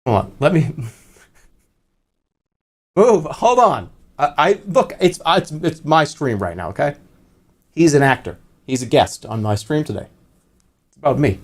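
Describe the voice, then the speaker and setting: A man streaming live in casual chat, excitable and prone to loud, incredulous outbursts. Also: on the high side, a little slow, long pauses.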